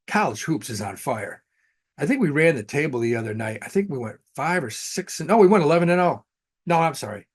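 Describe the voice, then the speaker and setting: Man, sports betting host, blunt casual delivery with fillers, mid-range pitch. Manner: blunt, offhand, with frequent fillers. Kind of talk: casual betting picks monologue.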